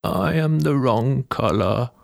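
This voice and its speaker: A man's voice: mid-range voice, animated, takes it slowly, vocal fry, no room sound, studio quality, voice pushed up. A man voicing a sad little lamb. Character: sad young female white sheep.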